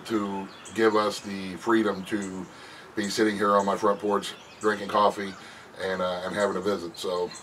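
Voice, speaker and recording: A man's voice: on the low side, distant mic. A middle-aged man chatting casually on his front porch, folksy and rambling, and he often laughs as he talks. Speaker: vlogger. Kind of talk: casual chat. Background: birds and passing traffic.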